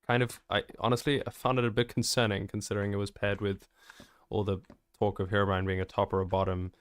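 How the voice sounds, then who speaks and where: A man's voice: fairly low pitch, little pitch movement, fast, clear, resonant tone. A man streaming a building game live, chatty and joking as he reacts to viewer messages. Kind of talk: live gameplay stream, answering chat.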